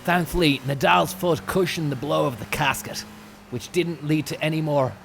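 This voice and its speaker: A young Irish man rambling through an absurd, profane comic monologue in a deadpan way. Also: fairly high pitch, moderate pace, vocal fry, a little hiss or hum. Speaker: comic storyteller.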